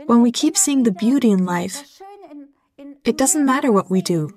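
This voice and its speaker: Middle-aged woman from germany, interview guest, soft and slow, short heartfelt phrases. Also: a little high, lively intonation. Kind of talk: calm reflective interview.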